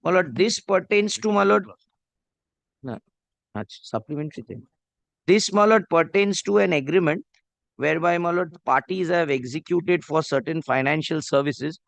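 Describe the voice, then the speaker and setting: His voice is on the high side, gravelly and fairly bright, at a moderate pace with no room sound. Arguing a case in a courtroom, this Bengali-accented Indian English speaker is deferential to the judge, reads clauses aloud, and says "my lord" constantly.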